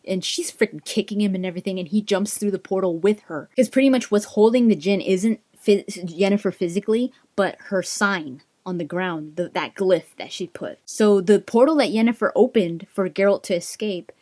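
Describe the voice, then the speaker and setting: A woman's voice: medium pitch, normal speed, few pauses. A woman casually retelling a fantasy book, mixing chatty summary with read passages and acting out the characters' lines. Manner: animated, acts out characters' lines. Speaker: book recap vlogger.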